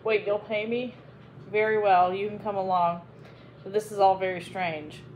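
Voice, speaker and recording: A woman reading aloud, voicing a brash young male army captain who is boastful and quick to fight. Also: medium pitch, fairly even intonation, a little mellow, slight background noise, close to an everyday voice, poor audio. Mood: eager.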